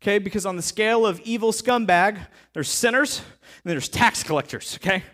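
A man preaching a sermon as a pastor, animated and conversational, with frequent asides to the crowd. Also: high voice, fairly quick.

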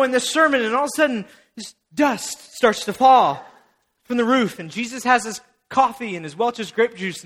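A young male pastor delivering a lively sermon, his voice strikingly high and bright. He tells the story like a performer, slipping into the characters' voices. His manner is casual and playful. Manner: animated storyteller acting out the scene.

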